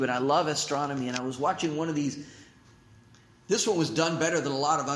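A man preaching a sermon as pastor, swinging from emphatic declarations to hushed, slow asides. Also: mid-range voice, reverberant.

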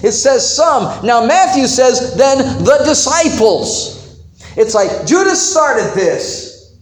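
A man preaching a sermon from the pulpit, his fairly high voice rising and falling in an animated way as he acts out the people in the story. He takes his time over each phrase. The room gives his voice a noticeable echo. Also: slow. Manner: animated, acts out biblical characters in quotes. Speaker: pastor.

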